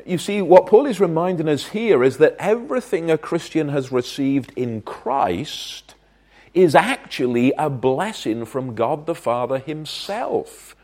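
Earnest male preacher, slightly high voice. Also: animated, measured pace. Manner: earnest, emphatic, rising and falling in loudness. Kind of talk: sermon.

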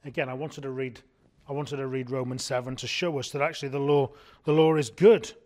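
A man's voice: mid-range voice, fairly even intonation, fairly quick, a little mellow. A man preaching a sermon in an earnest way, often asking his congregation rhetorical questions.

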